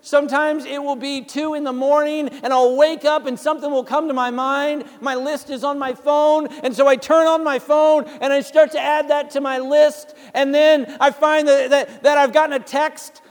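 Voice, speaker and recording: A man's voice: extremely high pitch, flat delivery, moderate pace, hardly any pauses, long reverb tail. A male pastor preaching a sermon in a church, speaking conversationally and calling out to the congregation for responses. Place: church sanctuary.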